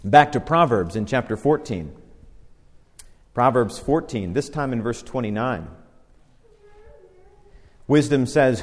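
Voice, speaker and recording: A male pastor preaching a sermon in a conversational way, slowing down and stressing each scripture verse he reads. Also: mid-range voice, expressive. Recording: long hall reverb.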